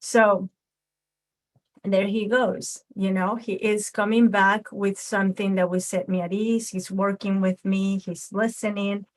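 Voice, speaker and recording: A woman's voice: mid-range voice, little pitch movement, measured pace. Woman teaching with tag questions. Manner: frequent tag questions, explains step by step. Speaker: instructor. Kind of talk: teaching with a puppet demonstration.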